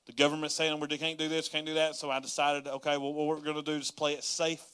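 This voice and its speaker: Pastor, male, bright, slightly high voice; folksy sermon delivery that swells into loud pleading. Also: flat delivery, fast talker, clean tone. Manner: folksy Southern-style preaching, rising to yelling in acted prayers.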